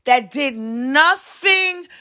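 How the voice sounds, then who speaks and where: A woman hosting a podcast, delivering a heated, profane ranting monologue with big swings in pitch. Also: lively intonation, drawn-out words, bright, forceful tone. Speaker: podcast host.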